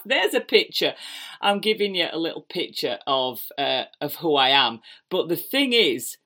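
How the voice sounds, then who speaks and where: Yorkshire woman in her fifties, low voice, lively self-deprecating storyteller. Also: unhurried. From England. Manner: chatty, animated and self-deprecating, with broad dialect. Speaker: podcast host. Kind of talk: personal storytelling monologue. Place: home kitchen.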